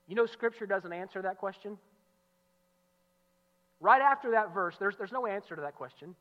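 A male pastor preaching an expository sermon, emphatic, repeating key phrases and swinging from loud declarations to low, quiet asides. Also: expressive, moderate pace, long pauses. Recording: muffled sound with long hall reverb.

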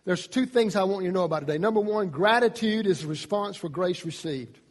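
High-pitched man preaching in a reverberant hall. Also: brisk. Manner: emphatic preaching, rising in pitch and loudness on key points. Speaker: pastor. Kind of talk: sermon.

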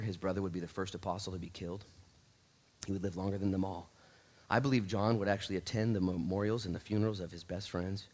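A man pastor giving a casual, animated sermon in church, laughing and acting out little asides. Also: sits low.

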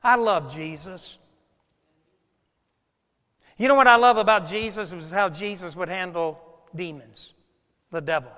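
A male pastor preaching a sermon, swinging between loud emphatic lines and hushed, quiet asides. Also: high-pitched, measured pace, long pauses. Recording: long hall reverb.

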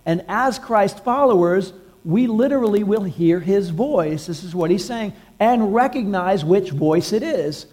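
A man preaching a sermon to his congregation in a conversational style, sometimes dropping to a hush. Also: sits high, animated, measured pace. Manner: conversational preaching, drops to a hush at quiet points. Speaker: pastor.

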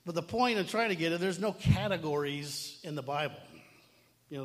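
A middle-aged male pastor preaching a sermon in a conversational way, full of asides and restarts. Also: on the high side. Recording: long reverb of a hall.

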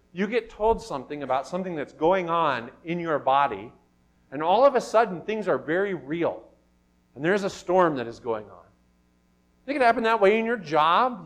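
A male pastor delivers a sermon in a church hall. His voice sits high and swings widely, from hushed, thoughtful lines to loud, pressing questions. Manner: animated preaching, rising to loud emphatic questions.

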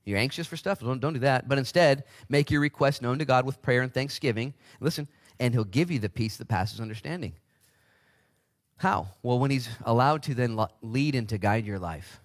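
Male pastor in his forties, sermon, animated delivery, acts out quoted voices, middle pitch. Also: normal speed. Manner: animated, shifts into high voices for quoted people.

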